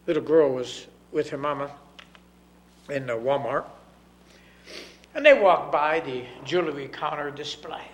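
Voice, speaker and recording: A man preaching, telling a story with dramatic swings from loud to hushed. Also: on the high side, a little slow, long pauses, reverberant, a little hiss or hum, low-quality recording. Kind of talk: sermon storytelling.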